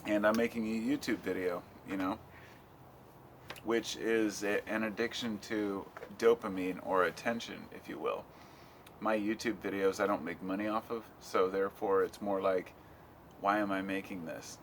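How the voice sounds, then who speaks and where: A man's voice: on the low side, fairly even intonation, moderate pace, a little hiss or hum. A middle-aged American man talking at home in a loose, rambling vlog, swearing casually. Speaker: vlogger.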